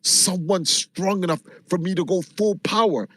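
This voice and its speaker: A man quoting a bored, unbeatable anime hero in a flat, low-key way. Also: unhurried, no room sound.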